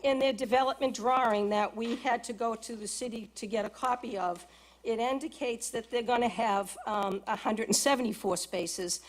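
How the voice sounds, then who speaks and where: A woman's voice: on the high side, fairly even intonation, moderate pace. A woman resident giving public comment at a city council hearing, reading from documents with frequent hesitations. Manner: hesitant, reads from application with many ums. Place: council chamber.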